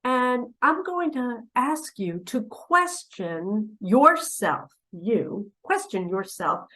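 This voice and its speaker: Woman spiritual teacher addressing camera; theatrical, unhurried, hushed asides and pointed questions. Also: a little high, very animated, poor audio. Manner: dramatic, swinging from loud urging to hushed asides; preachy, asks the listener pointed questions. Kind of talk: direct-to-camera spiritual talk.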